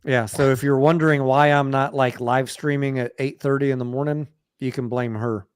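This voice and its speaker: A man's voice: mid-range voice, fairly even intonation, normal speed, smooth, no room sound. A man hosting a casual late-night live stream about stocks, talking bluntly and swearing offhandedly. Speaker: stock talk show host.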